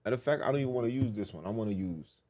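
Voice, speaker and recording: A man's voice: on the low side, expressive, rapid-fire, mellow. A man hosting a podcast, teaching scripture in a casual preaching style, repeating phrases and asking the listeners questions. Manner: repetitive, emphatic, rhetorical questions.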